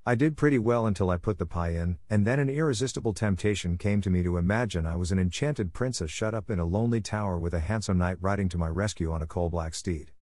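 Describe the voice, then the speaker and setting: A man's voice: sits low, quick pace, few pauses, darkish tone, no room sound, close to an everyday voice. A man voicing an imaginative, eager orphan girl of about eleven, talking in a breathless, dramatic rush. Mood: earnest.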